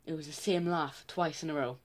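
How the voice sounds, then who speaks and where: A man's voice: a little high, steady tone, brisk. Self-mocking teenage boy vlogger. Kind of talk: casual reaction commentary.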